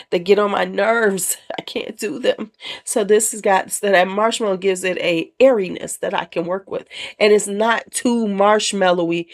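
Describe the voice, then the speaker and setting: A woman casually reviewing perfumes in a chatty, candid way, with slangy asides. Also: medium pitch. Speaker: perfume vlogger.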